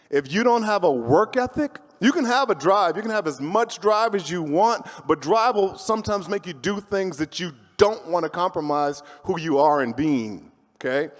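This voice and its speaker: Male panelist, lively motivational storyteller, hall reverb. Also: high voice. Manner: animated, motivational, jokey. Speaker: voice actor on a panel.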